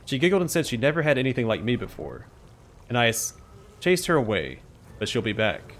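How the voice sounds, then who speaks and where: A man's voice: medium pitch, big pitch swings, brisk, a little hiss or hum. A man voicing a petulant female fecal demon queen who whines and boasts like a spoiled princess. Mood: petulant whining. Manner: whining, smug, self-pitying.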